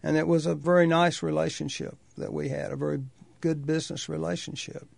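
Gravelly older man reminiscing. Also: on the high side, flat delivery, no room sound. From North Carolina, US. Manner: measured, thoughtful, with pauses and restarts. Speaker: oral history interviewee. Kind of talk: reflective personal reminiscence.

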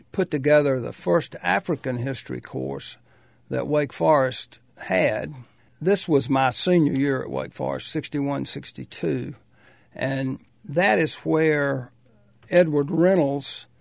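An older man from North Carolina, thoughtfully recalling his past in a measured, pausing way. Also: fairly high pitch, creaky, no echo. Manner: measured, thoughtful, with pauses and restarts. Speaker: oral history interviewee. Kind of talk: reflective personal reminiscence.

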